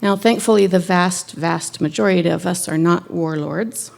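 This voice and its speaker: A woman minister giving a sermon in a conversational, gently wry way. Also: on the low side, moderate pace, gravelly.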